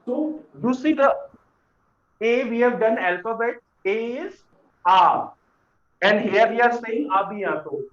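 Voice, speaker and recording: A high-pitched man teaches beginners in an unhurried, patient way, repeating key words so learners can follow. The recording is roomy and a bit muffled, with a lo-fi edge. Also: lively intonation. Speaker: French teacher. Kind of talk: classroom lesson explanation. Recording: echoey room, dull lo-fi sound.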